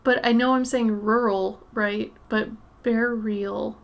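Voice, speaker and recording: A woman with a light Minnesota accent talks to her viewers in an unhurried, rather high voice. She chats casually during an art stream, laughs a lot and stumbles over words now and then. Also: steady tone. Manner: chatty, laughs often, trips over words. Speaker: art livestream host. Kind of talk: casual livestream chat with viewers.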